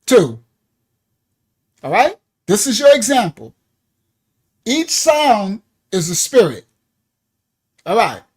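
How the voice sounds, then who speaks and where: Ministry teacher leading a class, talks slow, spells words out, gets everybody to join in. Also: mid-range voice, huge pitch swings, a little mellow, breathy edge. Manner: spells out terms letter by letter, addresses the class as y'all; coaxes the audience to join in.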